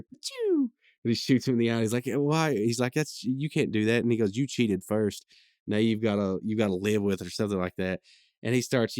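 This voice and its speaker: A man's voice: lowish voice, a little mellow, dry recording, clean studio sound. A man hosting a podcast, casually recapping a cartoon episode in a rambling way, full of fillers and brief quoted lines. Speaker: podcast host.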